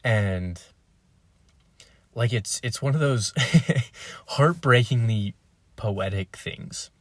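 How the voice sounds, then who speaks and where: A man's voice: on the low side, drawn-out words, no echo. A man hosting a podcast, talking in a reflective, emotional way with frequent restarts. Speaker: podcast host. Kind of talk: casual interview chat.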